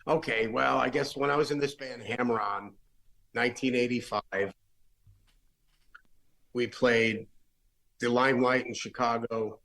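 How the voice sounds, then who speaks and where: Gravelly-voiced man rambling through road stories. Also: mid-range voice, fairly even intonation, a little slow, pauses often, a bit bright, rough recording. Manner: rambling, with many restarts and fillers. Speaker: rock musician guest. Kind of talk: casual storytelling.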